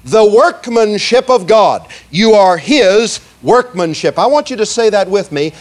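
A male preacher delivering a sermon, slowing down to stress words and leading the congregation in repeating lines, often asking "okay?". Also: high-pitched, lively intonation. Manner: asks "okay?" and "see?" often.

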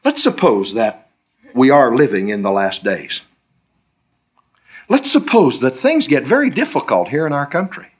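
A man's voice: big pitch swings, normal speed, pauses often, breathy edge. A middle-aged man preaching a sermon, telling stories and acting out his own back-and-forth questions with the Lord. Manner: storytelling, acts out dialogues with the Lord, pitch swooping high on questions.

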